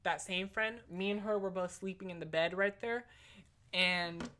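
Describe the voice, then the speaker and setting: Low, bright-voiced young woman vlogger. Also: fairly even intonation, normal speed, a little hiss or hum. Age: young adult. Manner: chatty and slangy, full of "like" and "literally". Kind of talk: casual storytelling vlog.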